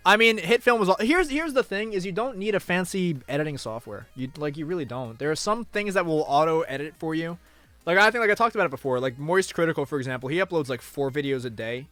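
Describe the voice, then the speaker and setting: A young man chatting casually on a live stream, talking to his chat, moving between mock outrage and low mumbling asides. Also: a bit bright. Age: young adult.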